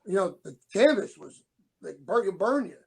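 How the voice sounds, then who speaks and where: A middle-aged man with a high, gravelly voice, telling long rambling stories in a casual way. He acts out the other people's lines as he goes. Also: very animated, normal speed, darkish tone. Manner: rambling anecdotes, acts out quoted dialogue. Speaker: show co-host, former wrestler. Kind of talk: casual storytelling.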